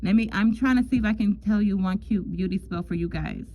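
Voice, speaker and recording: A woman talks through a casual love reading as a tarot reader, at an everyday middle pitch. She is chatty and loose, often repeating herself and calling the listener "girl". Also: brisk, dark tone, poor audio.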